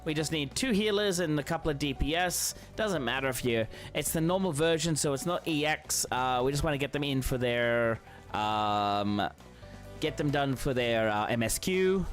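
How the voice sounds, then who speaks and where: A man's voice: medium pitch, expressive, moderate pace, soft background music. Chatty, encouraging male game streamer. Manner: friendly, encouraging, rambling with many fillers. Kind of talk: casual live-stream chat while playing.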